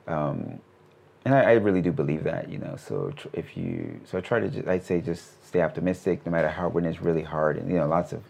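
A man in his thirties talks through interview answers in a casual, meandering way, stopping and restarting his sentences. His voice sits very low, with a gravelly fry running through it. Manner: relaxed, rambling, many fillers and restarts. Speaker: animation studio CEO, interview guest.

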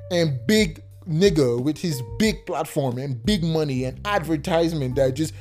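A man rants through a solo podcast in loose, slang-heavy talk. His voice is mellow and dark, and it swings between heated outbursts and quiet, low murmurs. Faint music sits behind him. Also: moderate pace, few pauses. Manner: heated ranting that drops into calm murmurs; casual slang-heavy talk with filler restarts. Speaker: podcast host.

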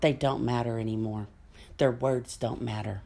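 A woman's voice: rumbling low, fairly even intonation, moderate pace, gravelly, mellow. A woman delivering an angry, profane political rant straight to camera, cutting and bitter.

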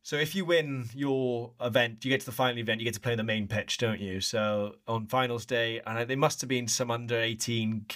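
Guy in his early 30s chatting on a podcast, easygoing storyteller, mid-pitched voice. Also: fairly even intonation, a little fast, few pauses, fairly bright tone. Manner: chatty storyteller, laughing often. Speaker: podcast co-host, former player. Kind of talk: casual chat.

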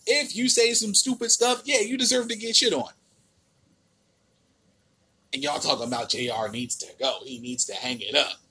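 A man's voice: a little high, fairly even intonation, moderate pace, long pauses, sharp tone, breathy edge. A man with an American accent hosting a podcast, ranting in a casual, exasperated and profane way with many restarts. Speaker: podcast host.

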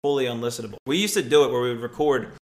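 A man's voice: medium pitch, rapid-fire, darkish tone. A young man co-hosting a podcast, blunt and casual, peppering his talk with "dude". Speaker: podcast co-host.

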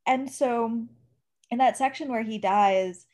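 Expressive, animated woman chatting casually. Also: a little high, slow. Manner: expressive, animated, laughs often. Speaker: book discussion co-host. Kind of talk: casual chat.

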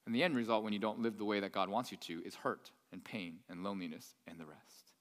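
A man preaching a sermon as pastor, swinging between loud, emphatic peaks and quiet, hushed stretches. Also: lowish voice, fast talker. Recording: echoey hall.

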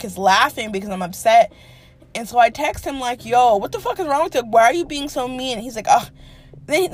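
A young woman hosting a podcast, telling a dating story in a casual, profane, dramatic way. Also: a little high. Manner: animated, profane, dramatic with quoted asides. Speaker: podcast host.

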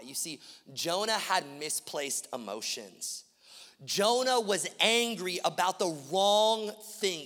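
A man preaching from a pulpit, his voice high and gravelly, impassioned and repetitive, dropping to a hush and then climbing loud. The sound carries the long reverb of a big church hall. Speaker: pastor. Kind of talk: sermon. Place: church auditorium.

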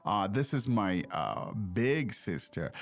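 A man's voice: on the low side, very animated, slow pace, creaky. A middle-aged man hosting a casual language lesson podcast, explaining and prompting with questions, with many fillers. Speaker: podcast host and teacher.

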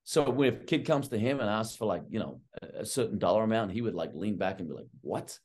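A man's voice: on the low side, fast. A middle-aged man, a basketball coach guest, telling long stories in casual chat, full of fillers and asides. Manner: animated and long-winded, heavy on fillers like "like" and "right". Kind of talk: casual storytelling.

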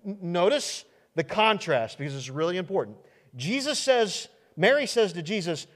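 A Midwestern American pastor preaches to his congregation in a fairly high voice. His pitch swings widely as he works through restarts and rhetorical questions. The sound carries the long echo of a large church sanctuary. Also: sing-song, measured pace, a bit bright. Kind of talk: sermon.

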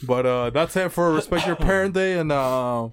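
A man's voice: a little high, normal speed, clean tone. A man hosting a comedy podcast, telling a crude rambling story and laughing through his lines. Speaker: podcast host.

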